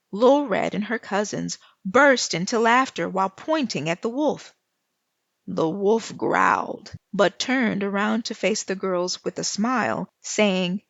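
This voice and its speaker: Slow, gravelly woman reading a story. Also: medium pitch, no room sound. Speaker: author reading her story. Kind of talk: storybook read-aloud. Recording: dull lo-fi recording.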